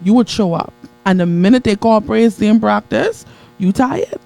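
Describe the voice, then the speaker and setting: A man preaching a motivational sermon to a live audience, building with repetition and call-and-response, swinging from soft low asides to high excited peaks. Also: normal speed, creaky, dry recording, faint music behind, poor audio. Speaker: motivational speaker.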